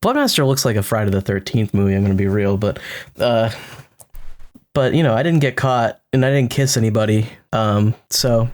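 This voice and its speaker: A man's voice: fairly low pitch, normal speed, darkish tone. A man co-hosting a casual podcast, talking hesitantly and searching for words. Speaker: podcast co-host. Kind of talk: casual chat.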